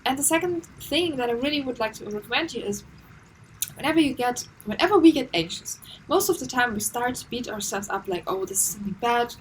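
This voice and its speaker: Woman, self-help vlogger, earnest and repetitive, slightly high voice, faint background noise. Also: animated, brisk, low-quality recording. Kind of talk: casual advice monologue.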